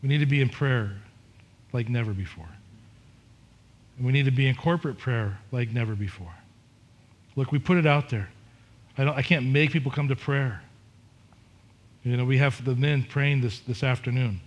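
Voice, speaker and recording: A man's voice: medium pitch, normal speed, long pauses. A middle-aged man preaching a sermon as pastor, candid and conversational, with frequent restarts and repetitions.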